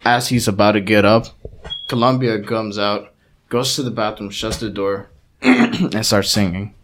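A man's voice: on the low side, measured pace. Young guy on a podcast, casual storytelling, lots of cursing, acting out quotes. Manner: animated storyteller, swears a lot, acts out quotes. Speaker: podcast co-host.

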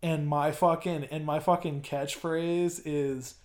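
Slow, slangy young man with a higher voice. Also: little pitch movement. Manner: slangy, profane, halting with fillers. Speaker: podcast co-host. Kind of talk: casual chat.

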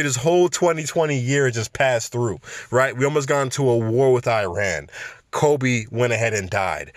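A man's voice: mid-range voice, fairly bright tone, no echo, studio quality. A man hosting a podcast, ranting through the news in a casual, slangy way full of rambling asides. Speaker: podcast host. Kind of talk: casual news commentary rant.

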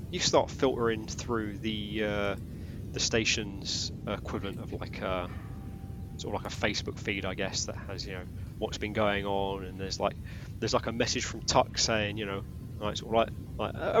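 A man's voice: fairly low pitch, normal speed, fairly bright tone, highs cut off, a little hiss or hum. Casual male game master. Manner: rambling, casual, full of fillers. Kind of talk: narrating a tabletop role-playing game.

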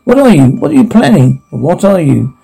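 An actor playing a captive man in an audio drama, furious and panicked, swearing and shouting in alarm. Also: high voice, very animated, moderate pace, creaky, breathy edge, exaggerated voice, rough recording.

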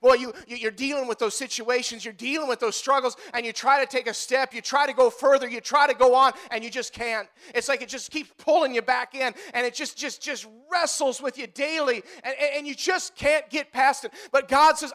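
A man's voice: very high-pitched, steady tone, moderate pace, hardly any pauses, a bit bright. A male pastor preaching a sermon to his congregation, driving his points home with emphatic repetition.

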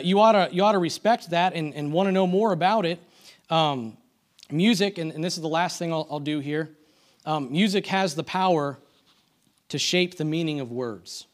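Man preaching in a loose, chatty way. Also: on the high side. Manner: conversational, self-deprecating, many restarts; asks the congregation for amens. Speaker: church speaker. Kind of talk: sermon.

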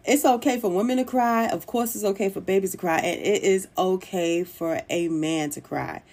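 A woman hosting a solo podcast in an easygoing, chatty way. Her pitch sits in an ordinary middle range. She sounds encouraging and informal, slipping in small laughs. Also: steady tone, normal speed, darkish tone. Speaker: podcast host. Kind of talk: casual solo podcast talk.

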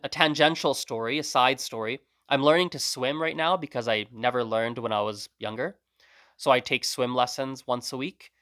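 A man's voice: mid-range voice, sharp tone, no room sound, studio quality. A man hosting a language learning podcast, talking casually in a rambling, self-correcting way. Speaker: podcast host. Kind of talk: casual solo monologue.

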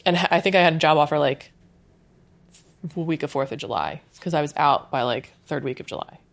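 A woman in her thirties, talking as a guest in a casual interview, chatty and animated, with lots of "like". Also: sits low, fairly quick, creaky. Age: 30s. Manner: chatty, says "like" often, animated retelling. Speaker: guest, UX designer.

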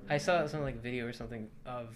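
A young man chats casually as a podcast co-host, with a voice of ordinary middle height. He jokes in a dry, deadpan way and stays playful. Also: mid-range voice, fast talker, a little hiss or hum. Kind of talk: casual chat.

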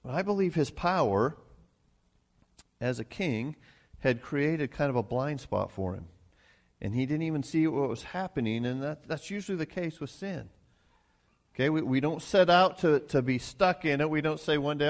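A man's voice: on the high side, lively intonation, moderate pace, gravelly. A man preaching a sermon in a folksy way, often repeating words as he restarts. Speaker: pastor.

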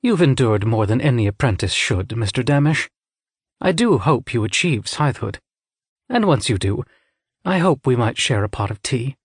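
A man's voice: mid-range voice, big pitch swings, normal speed, husky, no room sound, studio quality. A man reading an audiobook, voicing a kindly stranger scythe who speaks in a comforting, polite way.

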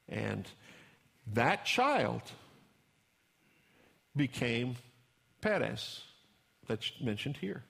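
A man's voice: mid-range voice, big pitch swings, extremely slow, vocal fry, long pauses, a bit bright. A man pastor preaching a sermon in a folksy storytelling way, acting out the characters he describes.

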